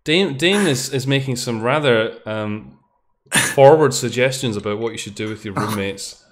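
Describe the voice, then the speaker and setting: A man's voice: mid-range voice, moderate pace. A man streaming a game, chatting casually and laughing while he swears at what happens on screen. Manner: laughing, swearing, talking to himself.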